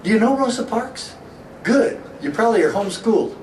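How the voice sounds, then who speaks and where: Animated and fairly quick, a middle-aged sheriff with a high voice addresses a crowd, telling a story and asking rhetorical questions. The recording comes from a distance in an echoey hall and has a faint hiss.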